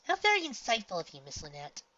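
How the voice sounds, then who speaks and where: A woman's voice: medium pitch, huge pitch swings, fast, pushed and bright, muffled recording, pitched above the performer's own voice, exaggerated voice. A woman voicing a grumpy, cynical pony mare who talks coldly and grumbles. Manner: cold, grumbling.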